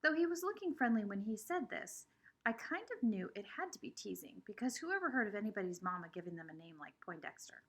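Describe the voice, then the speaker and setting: A woman's voice: medium pitch, fairly quick, husky. A woman reading a children's novel aloud with expression. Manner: expressive, shifting between voices. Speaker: reader.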